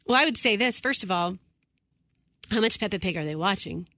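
A woman co-hosting a casual chat, chatty and quick to laugh. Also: medium pitch, lively intonation, sharp tone, slight background noise. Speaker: co-host.

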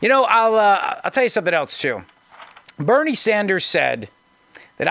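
Male radio host, fairly high voice, dry booth sound, sarcastic commentary with frequent restarts. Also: big pitch swings, moderate pace, pauses often, a bit bright, dry recording. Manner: sarcastic, mocking, restarts often. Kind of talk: conservative talk radio commentary.

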